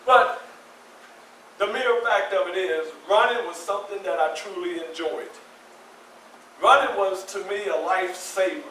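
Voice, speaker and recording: A man in his sixties telling a personal story live to an audience, animated and acting out scenes. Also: high voice, a little slow, long pauses, slight background noise. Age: 60s. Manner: animated, acts out scenes with voices and shouts. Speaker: featured storyteller. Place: community center hall. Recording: echoey room from a far mic, faint ambience.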